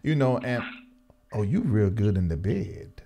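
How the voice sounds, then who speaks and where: A man hosting a talk show, probing his guest with expressive questions. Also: lowish voice, unhurried, noisy background.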